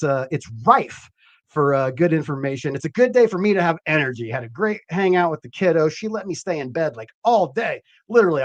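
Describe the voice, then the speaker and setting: A man hosting a cannabis growing podcast live, chatting casually in an animated, rambling and profane way. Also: a little high, dry recording. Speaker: podcast host. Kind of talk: casual live-stream chat.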